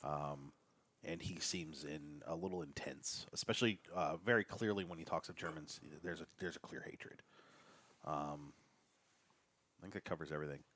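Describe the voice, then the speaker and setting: A man's voice: a bass voice, normal speed, fairly bright tone. A man playing a tabletop game, describing his character in a casual, jokey way. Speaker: player.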